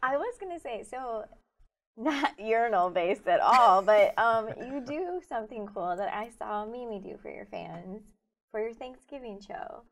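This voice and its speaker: A woman's voice: a little high, animated, a little slow. A woman hosting a radio show, prompting her guests in an upbeat, encouraging way. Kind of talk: casual radio interview.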